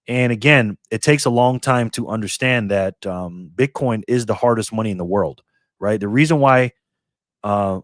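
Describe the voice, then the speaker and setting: A man's voice: fairly low pitch, no echo, clean studio sound. A man in his fifties, a guest in a casual interview, telling stories and acting out little dialogues. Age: 50s. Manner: animated storyteller acting out dialogues.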